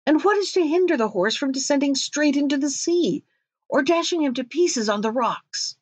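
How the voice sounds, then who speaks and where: A woman's voice: high voice, lively intonation, normal speed, dry recording, pitched above the performer's own voice. A woman reading the part of a king who is commanding but fretful, in a storybook reading. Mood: alarmed. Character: anxious, imperious old king.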